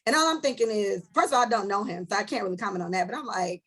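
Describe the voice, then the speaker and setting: A woman hosting a casual podcast chat, telling stories in a blunt, animated way with lots of profanity. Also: medium pitch, rapid-fire. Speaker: podcast host.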